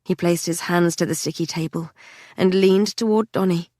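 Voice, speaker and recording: Woman reading a dark fantasy audiobook. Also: on the low side, steady tone, normal speed, no echo, clean studio sound. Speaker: audiobook narrator. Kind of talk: scripted audiobook narration.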